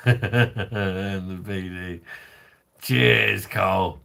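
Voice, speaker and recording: A man's voice: low-pitched, fairly even intonation, drawn-out words, gravelly, a bit bright. A man, drunk, hosting a crude, rambling livestream chat and reading out viewer comments. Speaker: livestream host.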